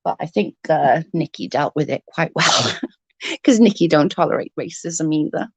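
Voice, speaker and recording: A woman's voice: sits low, animated, moderate pace, slightly rough, no room sound. A woman in her thirties telling a story on her vlog in a casual, heated way, swearing freely and acting out what was said. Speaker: vlogger.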